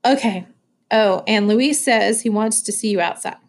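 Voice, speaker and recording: A woman's voice: mid-range voice, normal speed, natural voice. A woman reading aloud voices a friendly, easygoing teenage boy from a farm crew. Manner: friendly, casual.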